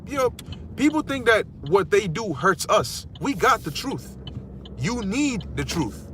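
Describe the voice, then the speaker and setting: A preacher with a high-pitched, sharp male voice teaches scripture in a casual, slangy way, with a slight hiss or hum on the recording. He's blunt and streetwise, curses now and then, and often checks in with his listeners.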